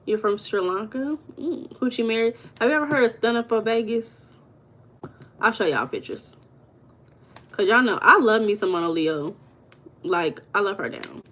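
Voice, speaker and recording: A woman's voice: medium pitch, animated, normal speed, a bit bright. A woman hosting a live stream, chatting casually with her viewers and laughing often. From United States. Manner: chatty, talks to chat viewers, calls them baby and girl; laughs often while talking.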